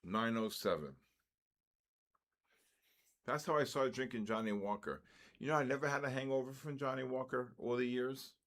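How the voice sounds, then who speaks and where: An older man in his sixties talks casually on a live trading stream. His pitch sits in an ordinary middle range. He drifts between friendly anecdotes and quick market calls. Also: fairly bright tone. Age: 60s. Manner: loose, chatty, jumps between storytelling and market calls.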